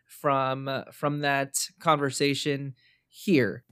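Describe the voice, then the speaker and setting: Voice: medium pitch, level tone, slow, fairly bright tone, clean tone, no room sound, clean studio sound. A podcast host chatting casually and earnestly, rambling with frequent fillers.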